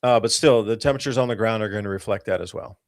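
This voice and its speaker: Excited man hosting a weather talk show. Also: lowish voice, quick pace, dry recording, studio quality. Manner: excited, emphatic, rambling with restarts. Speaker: host. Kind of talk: casual talk-show commentary on weather charts.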